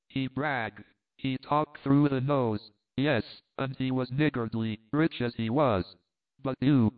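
A man's voice: mid-range voice, smooth, lightly acted. A man doing a flirty countess. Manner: teasing, broken English. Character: flirtatious Italian countess, woman, coquettish. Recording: phone-like thin sound.

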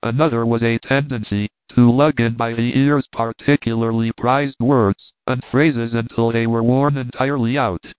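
A man's voice: medium pitch, fairly even intonation, clear, resonant tone, no echo. Man reading aloud, tinny phone-like sound. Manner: measured reading that speaks punctuation marks aloud. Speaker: audiobook reader. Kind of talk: scripted narration of a classic novel.

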